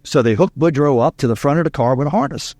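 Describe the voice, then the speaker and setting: A man's voice: on the high side, animated, fast, a little mellow, dry recording. A man from Louisiana, a speaking coach telling stories in an interview, emphatic and repeating key lines. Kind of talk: interview storytelling.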